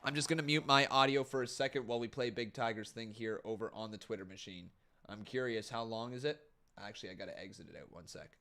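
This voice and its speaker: A man's voice: mid-range voice, fast, bright, forceful tone. A man hosting a live stream watch-along, commenting with upbeat energy, laughing often and chatting with his viewers. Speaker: host.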